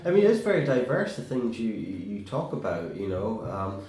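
A male podcast interviewer talks conversationally, with an expressive, lively pitch that rises and falls. His voice sits in a middle range, and he pauses with fillers as he thinks. The room echo is clearly audible. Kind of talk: casual interview questions.

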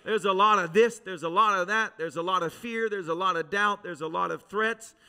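A male pastor preaching a sermon to a congregation, telling a dramatic personal testimony that swings from loud urgency to hushed intensity. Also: high voice, normal speed, clear, resonant tone. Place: church service with a congregation.

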